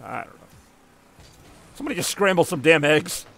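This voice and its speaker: A man's voice: a little high, lively intonation, normal speed, vocal fry, a bit bright. A man live-streaming a car soccer game, chatting casually with viewers in a rambling, jokey way. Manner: rambling and jokey, answering chat between plays.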